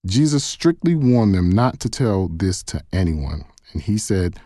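Deep mellow man reading scripture. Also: expressive, moderate pace, hardly any pauses, no room sound, studio quality. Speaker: Bible reader.

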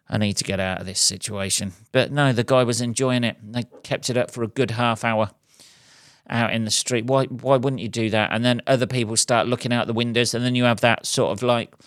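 A man's voice: medium pitch, fairly bright tone, clean tone, dry recording, clean studio sound. A man hosting his own podcast, rambling through a profane, wry monologue with chuckling asides. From England. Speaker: podcast host and comedian.

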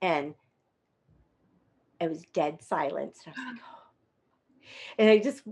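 A woman telling a story in casual conversation, animated and acting out the voices of the people she quotes. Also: on the low side, unhurried, breathy edge. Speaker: guest performer.

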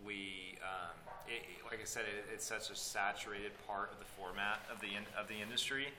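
A man in a band, guest on a podcast, talking casually and haltingly, repeating words as he searches. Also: lowish voice, fairly even intonation. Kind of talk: casual interview chat. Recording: roomy with faint noise.

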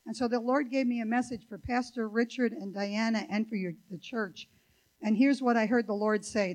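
A woman's voice: mid-range voice, a little mellow, rough recording. An older woman preaching a sermon in a church, chatty and digressive, with many fillers and asides. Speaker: guest preacher. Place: church sanctuary.

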